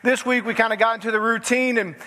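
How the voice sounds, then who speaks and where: Folksy pastor, high voice. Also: male voice, fairly even intonation, fast talker, pushed and bright, big-room sound. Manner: folksy, chuckles through the story. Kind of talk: sermon with storytelling. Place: church sanctuary.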